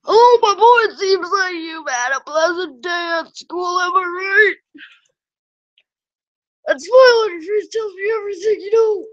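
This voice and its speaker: A woman's voice: extremely high pitch, unhurried, a bit bright, dry recording, pitched above the performer's own voice. A woman voicing a friendly father in a game, with an over-the-top, strained, quavering voice. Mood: fatherly. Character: croaky, strained older male father, friendly. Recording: dull, lo-fi, dry.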